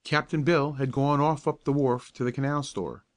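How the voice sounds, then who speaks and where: Guy reading a kids bedtime story, calm and even, mid-pitched voice. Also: normal speed. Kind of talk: calm bedtime audiobook narration.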